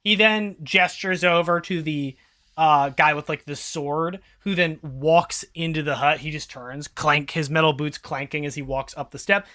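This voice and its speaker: A game master narrating a tabletop game in a playful, animated way, laughing often. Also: medium pitch, a little slow.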